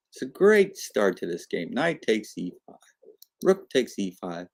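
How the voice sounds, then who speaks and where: A man with a lowish voice commentates a chess game live, full of energy yet at a measured pace. He walks through the moves and animatedly acts out both players' thinking as if they were chatting.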